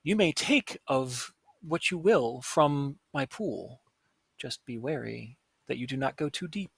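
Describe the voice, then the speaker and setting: A man voicing a mysterious female water spirit who speaks in a slow, formal, measured way. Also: mid-range voice, lively intonation, gravelly, slightly rough, no echo, heavily acted. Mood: solemn.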